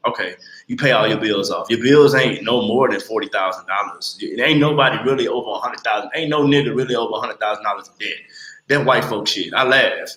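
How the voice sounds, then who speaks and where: Man, late twenties, casual livestream chat, blunt and profane, animated, echoey room. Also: medium pitch, fast talker. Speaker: livestream host.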